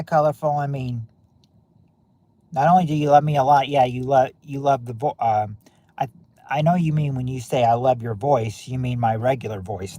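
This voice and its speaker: A man of middling pitch hosting a relaxed game-night stream. He talks loosely to his viewers, trailing off and circling back mid-sentence. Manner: rambling, many restarts and fillers. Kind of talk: casual chat with viewers.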